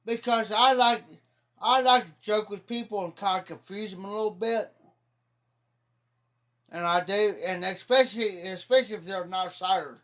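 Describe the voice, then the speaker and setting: A man's voice: sits high, bright, forceful tone. A man telling rambling, folksy stories about local sayings in a casual, teasing way. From Ohio. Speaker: livestreamer. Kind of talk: casual storytelling.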